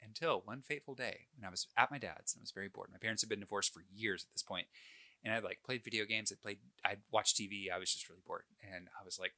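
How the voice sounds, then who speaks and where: A man in his late twenties, a podcast co-host, telling a personal story in casual chat, animated and self-deprecating, with lots of fillers and restarts. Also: lowish voice, fast.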